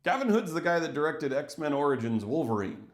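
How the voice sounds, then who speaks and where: A man giving a casual film review for his channel, animated and acting out little scenes as he talks. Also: fairly high pitch, brisk. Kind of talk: casual movie review vlog. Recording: echoey room.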